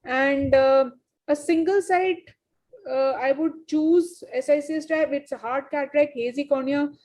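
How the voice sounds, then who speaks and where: High-voiced woman narrating surgery footage. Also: measured pace, darkish tone. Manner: explanatory, with frequent uh fillers. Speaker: surgeon presenting a surgical video.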